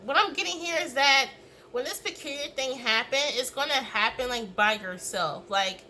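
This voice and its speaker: A woman's voice: sits high, normal speed, sharp tone, rough recording. A woman giving a casual tarot reading, rambling and swearing freely as she acts out reactions. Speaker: tarot reader.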